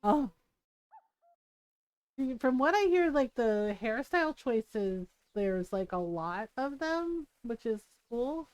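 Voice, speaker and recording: A woman's voice: a little high, animated, takes it slowly, darkish tone, no room sound. A woman in her thirties chatting casually while streaming a game, giggling and humming to herself.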